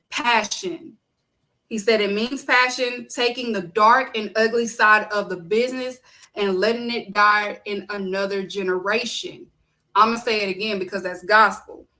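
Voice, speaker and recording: A woman's voice: medium pitch, bright, forceful tone, poor audio. A woman hosting her own podcast, giving casual, emphatic solo commentary on wrestling and repeating her key points. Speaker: podcast host.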